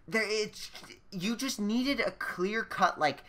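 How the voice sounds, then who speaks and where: A man's voice: sits high, takes it slowly, sharp tone. A man reviewing a film in casual chat, critical and insistent, often restarting his sentences.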